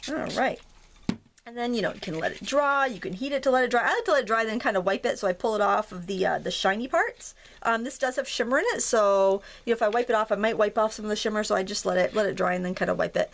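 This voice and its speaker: A woman's voice: medium pitch, fast, creaky. A woman from Maine with a Maine accent, hosting a casual craft tutorial in a chatty, jokey, self-deprecating way.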